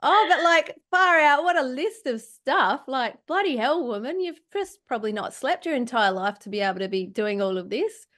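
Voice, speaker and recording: A woman's voice: sits high, expressive, normal speed, few pauses, a bit bright. Bubbly Australian woman hosting. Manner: bubbly, effusive, laughs often. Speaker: podcast host. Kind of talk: casual chat.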